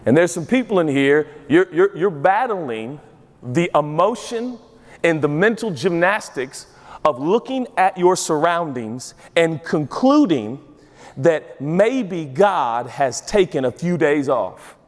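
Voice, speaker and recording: A male pastor preaching a sermon to a congregation, lively and quick to act out voices for comedic emphasis. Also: fairly high pitch. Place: large church auditorium with a congregation. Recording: long reverb of a large church hall.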